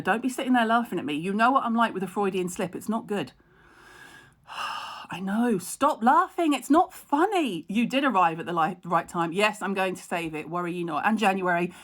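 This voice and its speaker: Middle-aged woman, skincare host, slightly low voice, candid and chatty with a quick laugh. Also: a bit bright. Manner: chatty, frank and self-mocking, laughs a lot; reads out and answers viewer comments. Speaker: skincare expert hosting a live stream. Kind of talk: casual live-stream chat.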